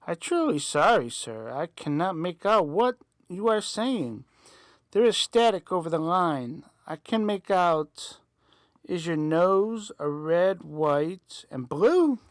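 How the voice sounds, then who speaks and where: A man's voice: high voice, sing-song, slow pace, no room sound, clean studio sound, full character voice. A man voicing a nervous young woman librarian. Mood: anxious. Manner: anxious, apologetic.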